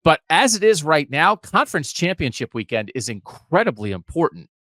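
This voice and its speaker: Emphatic man arguing, lively pitch. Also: dry recording. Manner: emphatic, argumentative, rapid asides. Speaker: podcast co-host. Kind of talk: casual sports talk.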